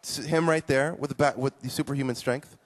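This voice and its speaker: A man teaching children at a live conference session, animated and playful, praising his young volunteers. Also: medium pitch, brisk. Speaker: children's ministry speaker.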